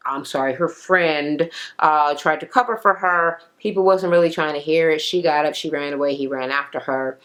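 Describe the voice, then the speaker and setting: A woman giving a blunt, profane, casual recap of a reality show, slipping into exaggerated quoted voices. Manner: blunt, sassy, heavy swearing, acts out quotes in raised pitch.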